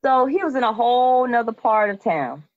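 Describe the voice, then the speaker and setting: Woman, podcast host, lively storytelling, slangy character voices, dry muffled recording. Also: on the high side, normal speed, dry recording. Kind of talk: casual storytelling retelling a Bible story. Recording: dull lo-fi, dry sound.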